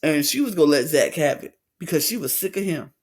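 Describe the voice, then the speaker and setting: A man co-hosting a podcast, chatting casually as he recaps a reality show and acts out quotes in lively voices. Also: fast. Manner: animated retelling, acts out quotes with big pitch swings. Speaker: podcast co-host.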